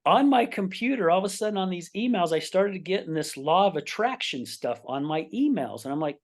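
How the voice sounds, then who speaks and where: A middle-aged man from Utah, a podcast guest, telling personal stories in a lively way and acting out the dialogue. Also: high voice, moderate pace, few pauses. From Utah, United States. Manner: animated, acts out quoted dialogue in his stories. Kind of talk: personal storytelling in a podcast interview.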